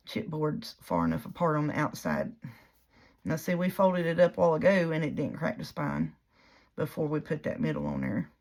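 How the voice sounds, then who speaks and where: Her deep, darkish voice carries vocal fry as she, a paper crafter, demonstrates a project. She rambles casually and folksily through the tutorial, narrating the mistakes she makes along the way.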